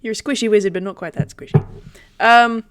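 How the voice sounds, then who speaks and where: A woman's voice: fairly high pitch, fairly even intonation, a little fast, clean tone. A woman running a tabletop game as game master, narrating in rambling, giggly descriptions with playful sound effects.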